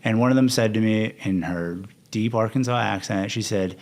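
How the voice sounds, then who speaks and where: Speaking at normal speed with few pauses, this young man has a fairly low, slightly mellow voice. He's a coach guesting on a podcast, sharing stories frankly and voicing quoted exchanges in a relaxed interview.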